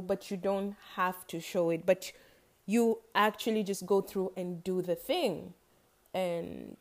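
A woman's voice: medium pitch, darkish tone. A woman hosting her own podcast, talking casually and playfully and laughing at her own jokes. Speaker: podcast host. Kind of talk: casual solo podcast talk.

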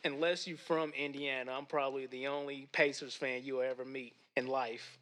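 Laid-back young man, bright tone. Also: medium pitch, level tone, normal speed. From Kansas City area. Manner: laid-back, laughs often, says bro a lot. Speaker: podcast guest. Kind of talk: casual chat.

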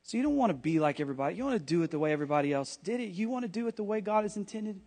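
A man preaching a sermon in church, animated and jokey, with quick asides to the congregation. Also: high voice. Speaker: pastor.

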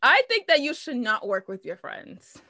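Woman cohost, bright highish voice that jumps around a lot, super expressive, dry sound. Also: dry recording. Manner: expressive, exclaiming, quick laughs. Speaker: podcast co-host. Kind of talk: casual chat.

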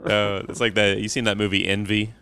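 A man's voice: lowish voice, little pitch movement, brisk, vocal fry, bright, forceful tone, slight background noise. A man chatting casually on a podcast, rambling through long stories and laughing at his own jokes. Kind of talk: casual chat.

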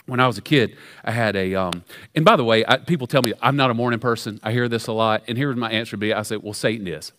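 A middle-aged man preaching a sermon in a church, talking in an energetic, conversational way with frequent restarts. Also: on the low side, quick pace. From American South. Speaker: pastor. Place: church sanctuary.

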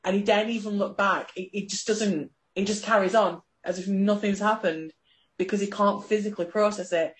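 A woman talking passionately about a film on a podcast, animated and swearing freely. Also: mid-range voice, normal speed. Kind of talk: casual film discussion.

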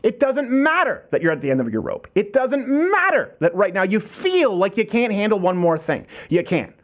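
A man's voice: sits high, very animated, normal speed, fairly bright tone. A man hosting a talk show, delivering an emphatic motivational monologue with repeated phrases and jokey asides. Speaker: host.

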